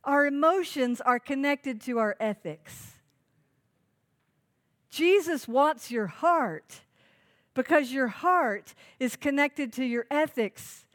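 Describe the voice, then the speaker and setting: A woman's voice: high voice, animated, slow, fairly bright tone. A woman pastor preaching a sermon, earnest and emphatic, asking the congregation questions.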